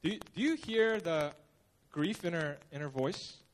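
Guy with a fairly high voice preaching at church, chatty, lots of "you know"s. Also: lively intonation, a little slow. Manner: informal storytelling, acts out quotes, many fillers. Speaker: pastor. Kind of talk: casual conversational sermon. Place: church service.

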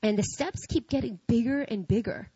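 A woman's voice: fairly high pitch, moderate pace, mellow, slightly rough, no echo, dull audio. A woman telling a personal story to an audience in casual, slangy talk, acting out her own reactions. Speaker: speaker sharing a personal faith story.

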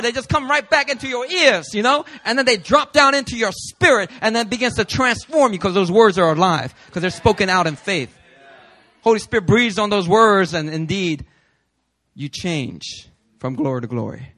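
His voice sits high and sounds expressive, moving at a moderate pace, as this New York pastor in his thirties preaches during a church service. Storytelling and jokes lead him up to loud, emphatic shouts.

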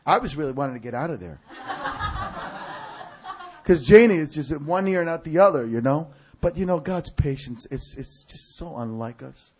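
A male preacher telling a story in a sermon. He shouts other people's lines in a high voice. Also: very animated, moderate pace, slight background noise.

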